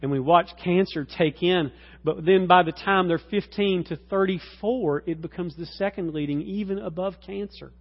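A man preaching a sermon as a pastor, swinging from low, quiet passages to loud, high-pitched exclamations. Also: moderate pace. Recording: dull lo-fi recording.

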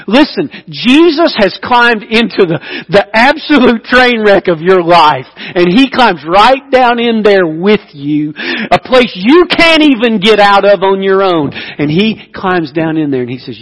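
High-voiced male preacher in echoing hall. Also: measured pace. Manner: animated storytelling, swings between loud emphasis and hushed intimacy. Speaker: pastor. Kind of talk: sermon. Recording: long hall reverb.

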